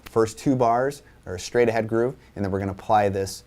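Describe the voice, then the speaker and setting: A man's voice: on the low side, brisk, darkish tone. A man teaching a drum lesson, explaining accent patterns and counting sixteenth notes aloud in a casual way. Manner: casual, repeats "right?" and restarts. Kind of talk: instructional lesson.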